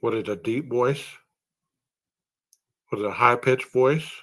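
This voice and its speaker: A man speaking slowly and deliberately in a true-crime podcast monologue. He reasons aloud, stacking one rhetorical question on another. His voice sits at an ordinary middle pitch. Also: a bit bright. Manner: poses long strings of rhetorical questions. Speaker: podcast host.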